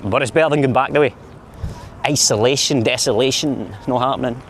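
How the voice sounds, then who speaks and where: A vlogger with a Glasgow accent chats playfully and self-mockingly while filming outdoors on a crowded street, using his camera's mic on the move. His pitch is medium and his pace a little fast, with a bit of hiss or hum.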